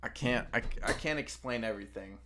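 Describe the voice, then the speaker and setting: A man's voice: mid-range voice, a little fast, noisy background. A young man co-hosting a stream, chatting casually in a laid-back, slangy way with lots of filler words. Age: young adult. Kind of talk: casual chat.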